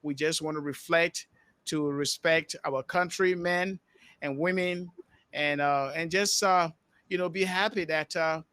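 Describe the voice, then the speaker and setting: A male podcast host from Liberia, closing the show with announcements and thanks, halting with many fillers. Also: a little high, fairly even intonation, bright, forceful tone, smooth, no echo.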